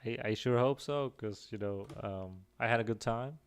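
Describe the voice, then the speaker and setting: A man hosting a casual stream chat, joking and laughing often, with halting restarts. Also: medium pitch, smooth. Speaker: stream host.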